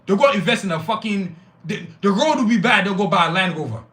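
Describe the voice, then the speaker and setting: A man's voice: high-pitched, expressive, fast, fairly bright tone. A man hosting a podcast, delivering a fiery, profane monologue full of repeated lists. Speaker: podcast host.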